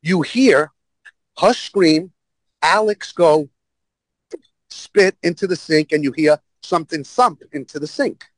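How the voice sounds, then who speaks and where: A New York man, a guest on a podcast, tells animated anecdotes in a fairly high, expressive voice, going slowly with long pauses on a rough recording without echo. His stories are blunt and profane, and he acts out the voices of the people in them.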